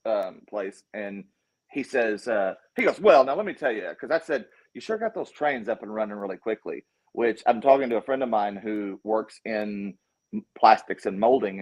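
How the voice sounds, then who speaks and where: A man with a Southern US accent, a documentary filmmaker talking casually as a guest, telling stories and acting out quotes with lots of restarts. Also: on the low side. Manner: animated storyteller, acts out quotes, frequent restarts. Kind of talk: casual conversation.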